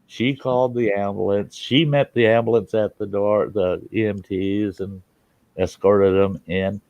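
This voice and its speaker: Low-voiced older man telling stories. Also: steady tone, measured pace, a little mellow, no echo, dull audio. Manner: rambling, frank, swears freely, acts out quotes. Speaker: host. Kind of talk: casual storytelling chat.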